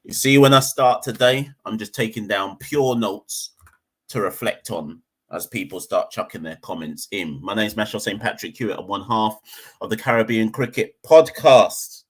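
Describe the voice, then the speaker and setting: A man hosting a live podcast from home, chatty and rambling, low on energy and exasperated. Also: normal speed, slightly rough. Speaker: podcast host. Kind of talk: casual live-stream chat. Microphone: desk microphone, unplugged at first.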